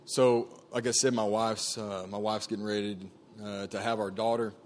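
A man with a fairly low, level voice speaks at normal speed over a little hiss or hum. A camp staff member, he shares his personal testimony with a group in an earnest, conversational way, with frequent fillers and restarts.

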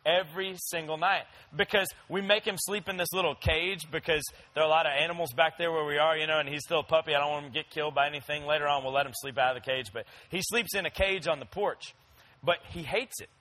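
A man's voice: on the high side, fairly even intonation, fast, sharp tone, low-quality recording. A young man preaching a sermon in a conversational, storytelling way, talking straight to his listeners. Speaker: pastor.

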